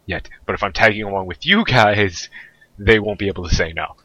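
A man narrating a tabletop game as game master in a calm, descriptive way. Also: fairly low pitch, fairly quick, lo-fi sound.

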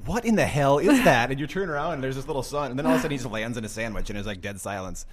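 A man's voice: mid-range voice, very fast, a crowd in the background. A man co-hosting a casual marketing podcast who tells stories with enthusiasm and mimics sounds. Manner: enthusiastic storyteller, mimics screams. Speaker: podcast co-host. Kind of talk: casual chat.

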